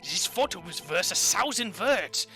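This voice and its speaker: A man's voice: high voice, sing-song, unhurried, bright, forceful tone, soft background music, full character voice. A man doing a smug sneering prosecutor. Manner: haughty, sneering. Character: smug arrogant male prosecutor. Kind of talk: reading game dialogue aloud.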